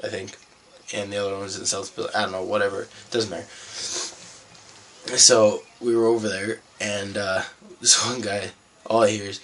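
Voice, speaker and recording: A man's voice: on the low side, level tone, normal speed, fairly bright tone, slight background noise. A young man from Canada vlogging, telling a rambling, profane story in a laid-back way. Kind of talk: casual storytelling vlog.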